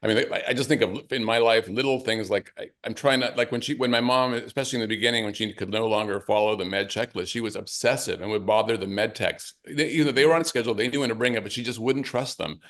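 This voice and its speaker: A middle-aged man, an author and caregiver, talking things through in a halting, reflective way during an interview. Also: on the low side, fairly bright tone. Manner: reflective, halting, many restarts. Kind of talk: conversational interview.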